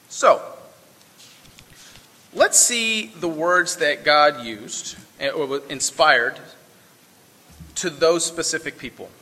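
A man preaching a sermon, mixing scripture reading with relaxed, folksy asides. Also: a little high, big-room sound. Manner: conversational, folksy asides with fillers. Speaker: pastor.

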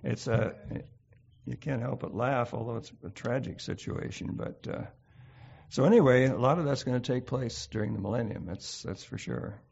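A man's voice: medium pitch, moderate pace, vocal fry, a little mellow, husky. Man, bible study host, loose and musing, reads passages aloud, dull lo-fi sound. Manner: thinks aloud, reads scripture with frequent fillers. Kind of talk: informal Bible study talk.

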